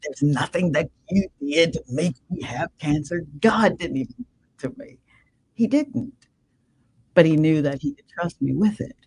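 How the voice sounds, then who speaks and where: An older woman speaks with a husky voice, delivering a heartfelt testimony with preacherly emphasis. Her phrasing is fervent and repetitive, and the sound is close and dry with no room echo. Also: sits low, lively intonation, normal speed, darkish tone. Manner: emphatic, preacherly, calls listener "man". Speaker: guest, radio show host. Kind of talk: emotional personal testimony.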